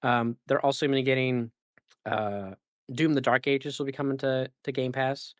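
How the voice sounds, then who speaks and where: A man's voice: medium pitch, level tone, normal speed, dry recording. A man hosts a casual gaming podcast in an ordinary mid-range voice. He rambles, fills gaps with "like" and "um" and corrects himself mid-sentence. The sound is dry and close. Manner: rambling, filler-heavy and self-correcting. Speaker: podcast host.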